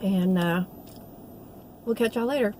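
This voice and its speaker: A woman's voice: mid-range voice, a little slow, a little mellow, slight background noise. Heartfelt woman vlogger. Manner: heartfelt, rambling storytelling. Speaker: vlogger, nursing assistant. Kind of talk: casual talking-to-camera vlog.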